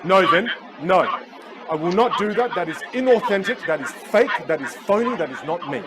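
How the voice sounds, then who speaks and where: Man doing a stubborn young male student, insistent, defensive, higher voice, noisy crowd behind. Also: expressive, normal speed. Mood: defiant.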